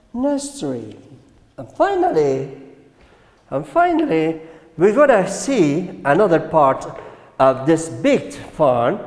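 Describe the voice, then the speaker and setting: Slow, echoey Colombian English teacher. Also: male voice, sits high, a little mellow. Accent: Colombian Spanish. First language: Spanish. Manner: slow, repeats words and asks "right?". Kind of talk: classroom English lesson. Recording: echoey room with long reverb.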